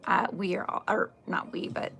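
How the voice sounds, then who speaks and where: A woman in her forties hosts a casual crochet livestream, chatting, answering viewer comments and laughing often. She speaks at a moderate pace in a fairly bright tone, with soft music in the background.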